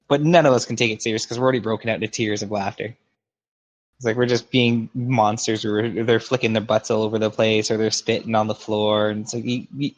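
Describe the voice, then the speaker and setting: A man co-hosting a casual podcast chat, blunt and sweary and quick to laugh. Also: mid-range voice, fairly bright tone. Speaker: podcast co-host.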